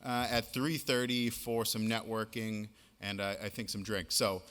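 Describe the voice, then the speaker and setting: A man with a Boston accent hosting a conference, giving brisk, upbeat announcements to the room. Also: on the low side, little pitch movement, fairly bright tone. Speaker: event host. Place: conference hall. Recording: reverberant conference hall.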